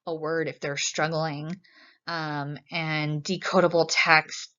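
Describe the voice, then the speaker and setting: A woman's voice: deep voice, a bit bright. A woman giving a recorded training talk to teachers, friendly and teacherly, with frequent "um" fillers. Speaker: presenter of a teacher training seminar. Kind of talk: recorded presentation. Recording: dull lo-fi recording.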